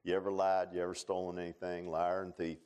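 A preacher, a man with a somewhat low voice, delivers a sermon in a folksy storytelling way. He repeats words and restarts often, climbing to loud peaks and then sinking to hushed, low passages. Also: completely flat delivery, quick pace, clean tone, muffled recording. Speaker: pastor. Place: church sanctuary.

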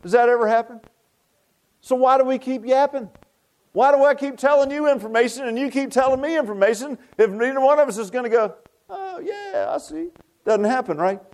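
A pastor preaches in a loose, folksy way, circling back with restarts and asides. His voice sits high for a man. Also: fairly quick, darkish tone. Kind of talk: sermon.

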